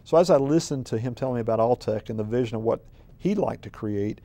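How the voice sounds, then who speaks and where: A man serving as city manager talks through an interview in a relaxed, folksy way. His voice is mellow and warm, with plenty of ums, uhs and restarts as he rambles through his stories. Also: mid-range voice, brisk, no room sound. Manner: rambling, filler-heavy, folksy storytelling. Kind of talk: conversational interview.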